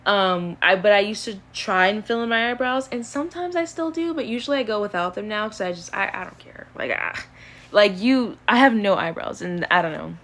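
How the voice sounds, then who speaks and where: A woman's voice: medium pitch, expressive, fairly quick, a bit bright. A woman in her early twenties chatting casually on a live stream, rambling and easygoing, with lots of fillers as she answers questions. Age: early 20s.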